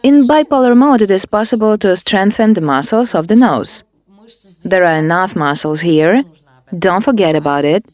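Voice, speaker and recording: A woman demonstrating a facial care technique, giving calm step-by-step instructions. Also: mid-range voice, moderate pace. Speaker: beauty device instructor.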